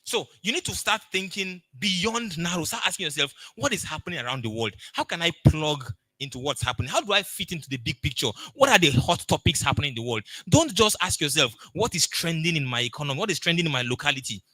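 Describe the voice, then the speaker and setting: Bright emphatic Nigerian man coaching. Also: fairly high pitch, very animated, quick pace, hardly any pauses, no room sound. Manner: storytelling, emphatic, acts out dialogue. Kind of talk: motivational talk.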